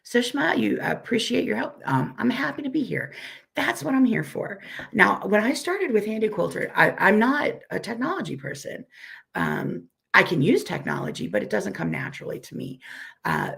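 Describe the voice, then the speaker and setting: A woman with a weak, hoarse voice from a recent illness gives a friendly, self-deprecating live software tutorial and repeats each step slowly. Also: mid-range voice. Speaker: software instructor.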